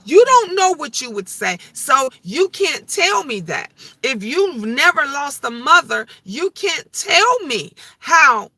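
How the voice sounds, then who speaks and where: A middle-aged woman speaks to her viewers in a casual livestream, emotional and heartfelt, often circling back over the same words. Her voice is very bright and forward. The sound is dry and close, with no room around it. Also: fairly high pitch, big pitch swings, a little slow, no echo. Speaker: vlogger.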